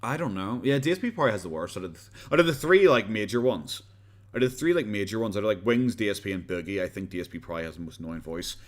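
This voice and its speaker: A man's voice: on the low side, lively intonation, fast talker. A man with an Irish accent hosting a live stream and chatting casually with viewers. He talks in a rambling, blunt way, swears freely, restarts his sentences and laughs often. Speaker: livestream host.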